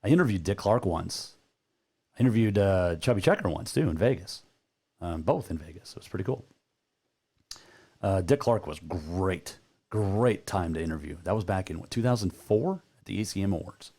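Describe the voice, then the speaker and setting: A man's voice: low voice, lively intonation, moderate pace, warm tone, breathy edge. A man hosting a sports talk radio show, chatting casually and rambling a bit with plenty of filler words.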